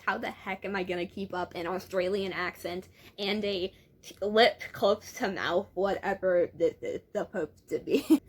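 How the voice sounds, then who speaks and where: A woman's voice: medium pitch, animated, moderate pace, husky. A young woman who reads a teen novel aloud and breaks off often into chatty, amused asides. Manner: chatty, amused, laughs often and interrupts her own reading. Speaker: book reviewer. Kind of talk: casual reading and commentary.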